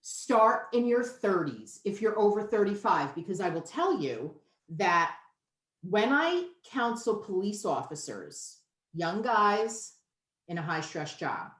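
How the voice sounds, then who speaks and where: A woman's voice: medium pitch, sing-song, takes it slowly. A woman in her fifties, a nutritionist guest, talking candidly and emphatically in a casual interview. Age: 50s. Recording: roomy echo.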